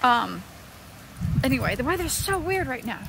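A woman in her thirties vlogging outside on a windy day, her voice sitting a little high. Her talk is chatty and scattered, jumping from one thing to the next as she films on a handheld camera. A faint hiss of noise runs underneath. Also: very animated, moderate pace, vocal fry. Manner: chatty, scattered, flits between topics. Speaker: vlogger, homeschooling mom. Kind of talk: casual vlog.

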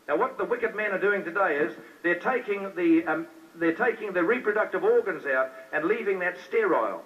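A man's voice: high-pitched, expressive, moderate pace. A man preaching a sermon with fervor, putting rhetorical questions straight to his listeners. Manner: fervent, talks straight to the crowd with rhetorical questions. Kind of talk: fiery sermon. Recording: dull lo-fi recording from a distance.

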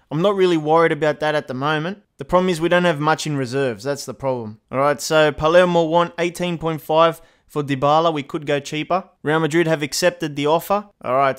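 Excitable young man commentating gameplay. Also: on the high side, smooth. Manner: excitable, rising to shouts at near-misses. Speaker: gaming YouTuber.

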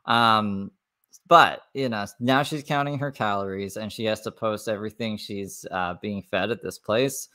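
A man hosts a reaction livestream in a somewhat low voice. He mocks what he watches with dry sarcasm and casual profanity. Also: moderate pace, bright, forceful tone. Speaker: commentary streamer.

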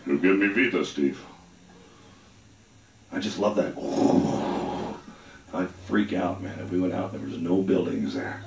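A man's voice: low-pitched, a little slow, long pauses, a little hiss or hum. A man doing a rambling, crude stand-up set on a comedy club stage. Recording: roomy club sound, mic at a distance.

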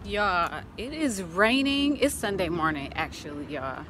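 A woman's voice: lowish voice, very animated, a little slow, fairly bright tone. A woman vlogging casually, chatting to her viewers and telling stories as she walks by a lake and then cooks at home. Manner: chatty, storytelling, addresses viewers as y'all. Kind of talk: casual vlog chat.

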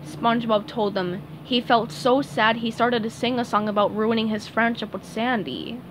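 A woman reading a children's picture book aloud, expressive and clear. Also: a little high, normal speed, hardly any pauses, a little hiss or hum. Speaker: storybook reader.

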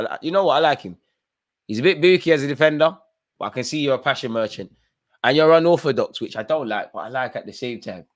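A man hosting a live football watchalong reacts loudly to the match, shouting at players and urging them on with slangy banter. His pitch is medium and his manner is excitable.

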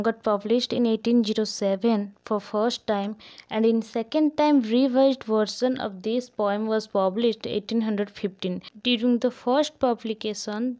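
Casting: high-voiced woman, patient teacher explaining poetry with frequent fillers. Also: a little mellow, poor audio. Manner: unscripted, many "uh" fillers, spells words out letter by letter. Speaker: literature teacher. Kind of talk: explanatory lesson narration.

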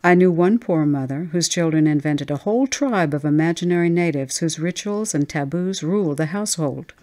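A woman voicing a calm, reassuring male doctor in an audiobook ghost story. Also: sits low, moderate pace, lightly acted.

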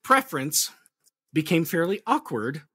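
A man with a husky voice telling history as a podcast guest, animated and jokey with playful asides. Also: fairly high pitch, measured pace, dry recording. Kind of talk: casual podcast chat.

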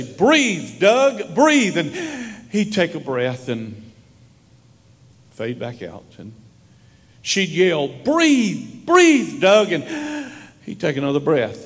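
A man preaching a sermon as a pastor, telling stories and moving from hushed, slow lines to raised ones. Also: mid-range voice, long reverb tail. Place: church sanctuary.

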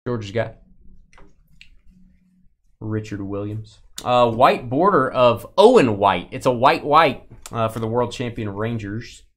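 Man, card break host, casual live stream chat, playful teasing, lively swooping pitch. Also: unhurried, long pauses.

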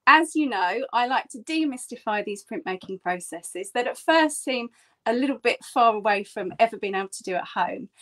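A chatty woman, a print artist running a workshop, teaches a craft in a friendly online tutorial. She explains things as she goes, her pitch lifting brightly.

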